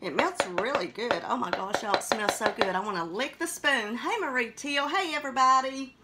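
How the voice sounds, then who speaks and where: A woman chats her way through a live cooking stream from her home kitchen. Her voice sits a little high, and she keeps a folksy, friendly patter, greeting viewers by name. Steady household noise runs clearly beneath her. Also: normal speed.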